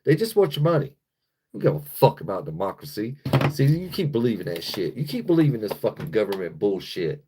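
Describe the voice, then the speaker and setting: American man, low voice, livestream host, angry profane rant, answering chat. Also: sing-song, brisk, very noisy. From United States. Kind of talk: live-stream rant reading chat.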